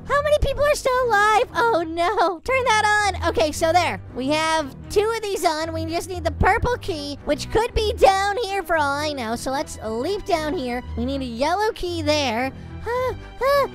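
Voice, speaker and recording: Very high-voiced excitable woman gamer. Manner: excitable, chatty, jumpy. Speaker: gaming channel host. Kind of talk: gameplay commentary. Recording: game music playing underneath.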